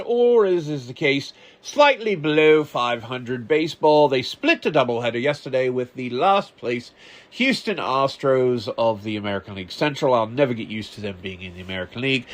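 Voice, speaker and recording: A podcast host putting on an English accent for comic effect, ranting sarcastically and with exasperation about the news. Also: male voice, on the high side. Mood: exasperated. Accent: put-on English accent. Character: man faking a posh English accent, grumbling. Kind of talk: comedic ranting commentary.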